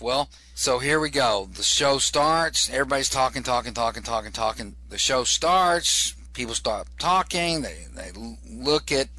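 Middle-aged man, bright forceful voice, casual rambling storytelling, repeats words. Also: medium pitch. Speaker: comedian telling a story.

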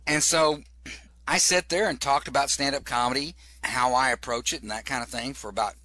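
A man's voice: medium pitch, a little fast, pushed and bright, no room sound. A middle-aged man, a comedian, telling a long rambling anecdote in casual conversation and repeating words for comic effect. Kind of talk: casual storytelling.

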